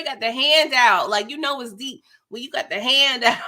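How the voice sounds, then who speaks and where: A woman's voice: a little high, expressive, moderate pace, sharp tone. A young woman giving a sassy, slangy, casual recap of a reality TV episode, full of "like" and "girl".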